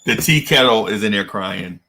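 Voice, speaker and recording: A man hosting a podcast, chatting casually about sports in an animated, digressive storytelling way. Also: fairly low pitch, moderate pace. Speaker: podcast host.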